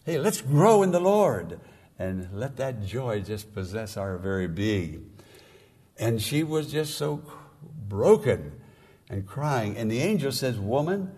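A man preaching a sermon as pastor, slow and emphatic, with sudden rises in pitch and volume. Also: big pitch swings, darkish tone, husky.

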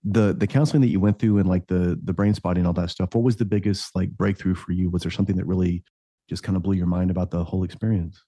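Deep, fast-talking raspy man host. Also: steady tone, mellow, dry recording. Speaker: podcast host. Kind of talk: casual conversation.

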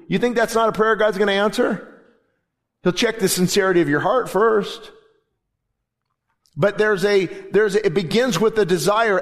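Fervent high-voiced male preacher. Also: normal speed. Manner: fervent preaching that swells to loud emphatic declarations. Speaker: pastor. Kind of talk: sermon. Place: church sanctuary during a service.

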